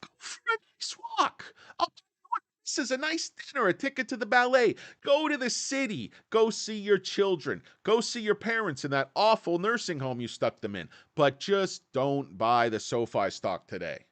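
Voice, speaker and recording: A man putting on a smug male boss who tells traders what to do, in a high, mocking, exaggerated voice. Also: expressive, normal speed, a bit bright, no echo.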